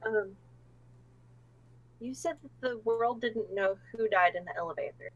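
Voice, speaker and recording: A woman playing a tabletop role-playing game, asking questions in a drawn-out way. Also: mid-range voice, muffled recording. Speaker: player. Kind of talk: in-character tabletop role-play.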